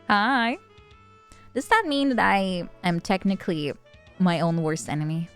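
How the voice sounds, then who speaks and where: A woman's voice: medium pitch, expressive, slow, long pauses, faint music behind. A woman streamer chatting casually, rambling and joking and often breaking into laughter. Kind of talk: casual chat.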